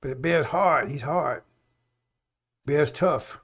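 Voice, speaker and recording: A man's voice: takes it slowly, slightly rough. Urgent, profane man preaching on live radio. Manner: urgent and repetitive, swings from loud exhortation to low muttering; blunt and profane, calls out to brothers and sisters.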